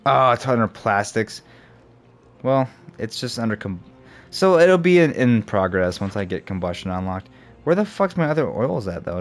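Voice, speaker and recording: Very animated and speaking at a moderate pace in a mid-range voice, a young man plays through a game while thinking aloud and cursing. It's casual let's play commentary from a gamer, backed by faint game music.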